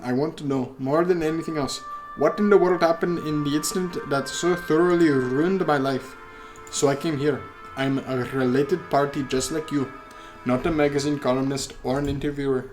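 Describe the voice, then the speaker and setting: A man's voice: a little high, fairly even intonation, normal speed, a little mellow, soft background music, close to an everyday voice. A man voicing a guarded, indignant young woman heir in his own plain voice. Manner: firm and indignant.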